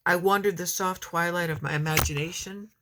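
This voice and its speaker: Middle-aged woman poet, casual and rambling, reads her verse slowly and softly at home. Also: lowish voice, fairly even intonation, background noise. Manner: chatty and rambling between poems, reads slowly and tenderly. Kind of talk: casual chat and reading her own poems aloud.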